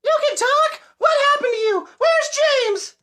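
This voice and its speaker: A woman voicing an excitable talking sock puppet in a comedy puppet skit. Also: extremely high pitch, unhurried, heavily acted. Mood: alarmed.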